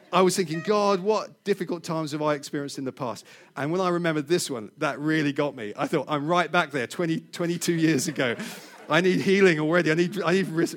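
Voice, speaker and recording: This middle-aged preacher, voice a bit high, shares a personal story animatedly, frequently laughing and repeating himself.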